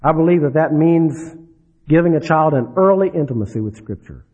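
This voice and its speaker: A man preaching a sermon, dropping low and soft then rising for emphasis. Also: animated, normal speed. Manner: dramatic, swings between soft drops and rising emphasis. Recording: dull lo-fi recording.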